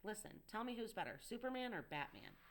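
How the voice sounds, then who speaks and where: A woman's voice: medium pitch, sing-song, a little fast, slight background noise, pitched above the performer's own voice. A woman voicing an earnest young male tutor who coaxes and reassures a frightened child with urgency. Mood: coaxing. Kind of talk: audiobook dialogue reading.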